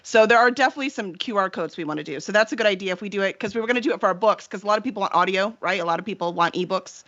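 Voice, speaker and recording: A woman's voice: medium pitch, very fast, a bit bright, highs cut off. A woman hosting a casual live-streamed chat, talking at length in loose run-on thoughts with plenty of fillers. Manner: chatty, talks in long run-on thoughts with many fillers. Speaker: publisher and show host.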